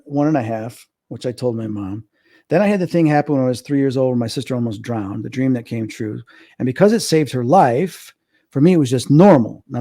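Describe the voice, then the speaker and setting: Acting out the voices in his childhood stories, a man who is a medium guest tells them animatedly during a casual interview. His voice is mid-range, and the studio sound is clean with no room sound.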